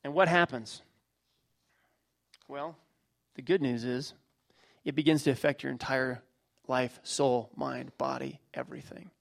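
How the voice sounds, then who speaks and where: A man's voice: mid-range voice, animated, a little slow, gravelly, pauses often. A middle-aged man preaching a sermon, emphatic, repeating key phrases and using everyday illustrations. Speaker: pastor.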